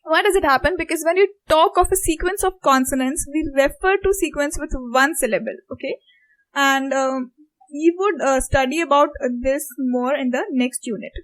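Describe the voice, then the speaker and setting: A woman's voice: high voice, moderate pace, a bit bright, poor audio. A woman from India with an Indian English accent, patiently explaining a lesson and repeating example words aloud. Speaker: teacher. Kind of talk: online lecture explanation.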